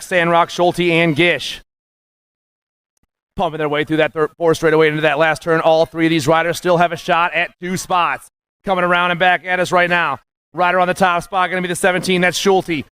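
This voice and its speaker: A man calling live races as the announcer, excited and punchy, rattling off names and nicknames. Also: fairly high pitch, normal speed, smooth, no echo. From USA. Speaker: race announcer. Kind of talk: live race commentary.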